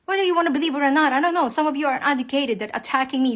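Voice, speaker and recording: A woman's voice: high voice, fast talker, fairly bright tone. A woman, very angry, giving a heated, profane rant to viewers about her husband. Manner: heated, profane, emphatic, addresses viewers as guys. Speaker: wife speaking out online. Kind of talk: angry personal rant to camera.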